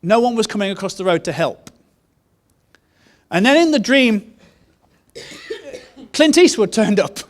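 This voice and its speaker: A man preaching a sermon, telling a story in an earnest way and repeating key phrases. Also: sits high. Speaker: pastor.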